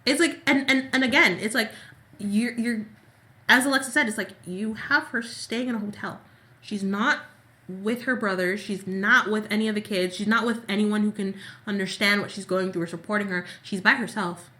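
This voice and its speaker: A woman's voice: medium pitch, moderate pace, bright, forceful tone. A woman co-hosting a casual soap opera recap, talking in long, exasperated run-on rants. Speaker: podcast co-host.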